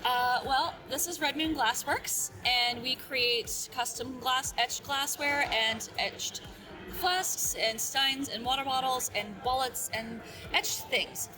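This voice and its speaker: A woman being interviewed as a guest about her glassware business, explaining in a slow, relaxed way. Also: high voice, music in the background, low-quality recording. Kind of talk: casual interview.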